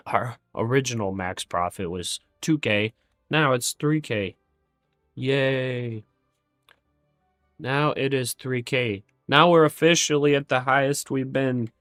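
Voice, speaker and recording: A man's voice: mid-range voice, a bit bright, no room sound, clean studio sound. A man streaming his day trading live, thinking aloud through figures with candid self-criticism.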